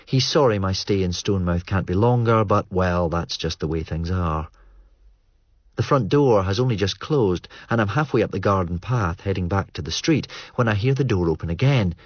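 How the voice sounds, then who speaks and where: A man narrating an audiobook in a measured, understated way. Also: sits low, lively intonation, no room sound. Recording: muffled dry studio read.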